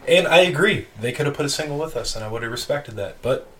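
A man co-hosting a podcast, telling a long story in casual chat, animated and laughing, with casual swearing. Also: mid-range voice, quick pace. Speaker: podcast co-host. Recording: distant mic with faint noise.

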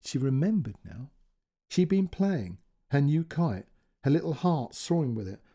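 Male storyteller, warm low timbre, breathy edge, reads fiction with feeling. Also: very animated, unhurried. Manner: gentle, emotive reading that voices each character. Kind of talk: scripted narration.

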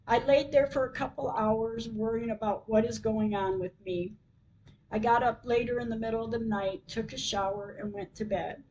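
An older woman hosting a podcast, reading a personal story aloud in a slow, measured way. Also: mid-range voice, a little mellow, rough recording. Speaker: podcast host.

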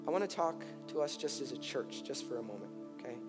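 A middle-aged male pastor preaching a sermon, earnest and impassioned, his voice climbing high when he pleads. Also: animated, quick pace. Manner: impassioned, rising to near-shouted pleas in emotional passages. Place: large church hall. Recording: reverberant church hall with soft music.

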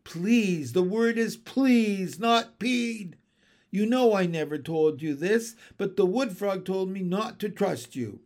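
An exasperated mother frog in a storybook, fussing and scolding at length, as a man puts her on while reading. The voice is a little high and very lively in pitch, with a slow, drawn-out delivery. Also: heavily acted. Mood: fretful. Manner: fussy, scolding complaints. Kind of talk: storybook read-aloud.

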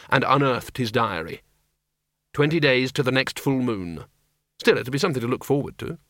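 A man narrating a comic fantasy audiobook in a wry, measured way. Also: medium pitch, fairly bright tone, no echo, clean studio sound.

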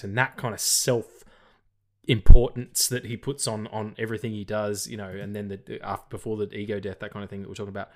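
A man's voice: lowish voice, little pitch movement, a little fast. A man co-hosting a casual film podcast, rambling with lots of restarts, stutters and swearing. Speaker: podcast co-host.

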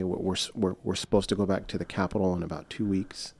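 Husky low-voiced man telling a story. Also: flat delivery, fast talker, a little mellow. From United States. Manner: rambling, many fillers and restarts; acts out quoted voices. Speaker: guest. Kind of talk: casual storytelling.

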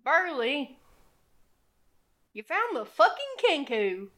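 A woman voicing a gloomy, nervous male carnival clown who talks in a hurried, hedging way in a tabletop game. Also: high-pitched, very animated, pushed and bright, voice pushed up, heavily acted. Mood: irritated.

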